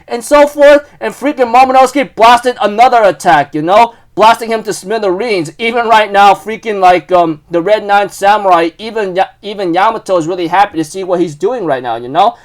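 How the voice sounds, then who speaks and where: Young man, high voice, rambling manga recap, excitable, lots of fillers. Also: normal speed. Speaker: manga chapter reviewer. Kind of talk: casual chapter recap.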